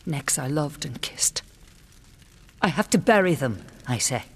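An actress playing a proud, grieving older queen who speaks bitterly and defiantly, with hushed asides. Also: low voice, expressive, a little slow, husky, exaggerated voice.

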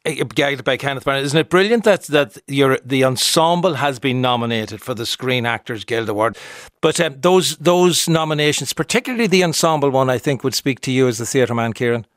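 A man hosting a radio arts show, brisk and friendly as he interviews and introduces clips. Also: medium pitch, animated, no echo, studio quality. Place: radio studio.

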